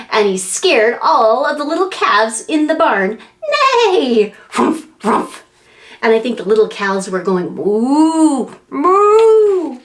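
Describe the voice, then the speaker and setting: A woman librarian reading a picture book aloud to preschoolers, animated and sing-song, making animal and wind sounds as she goes. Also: fairly high pitch. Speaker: children's librarian.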